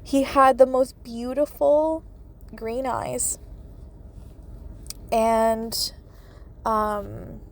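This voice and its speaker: A woman's voice: a little high, gravelly, a little hiss or hum. A woman hosting a podcast, telling a personal story with many fillers and laughing through tears. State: tearful. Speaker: podcast host, medium.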